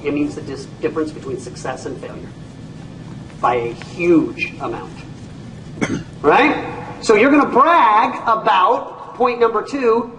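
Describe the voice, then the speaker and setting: A man, a company CEO, giving an animated training talk to an audience, telling stories and acting out people's reactions with folksy exclamations. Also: sits high, a little hiss or hum. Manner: storytelling, acts out voices, folksy exclamations. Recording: echoey room, speaker far from mic.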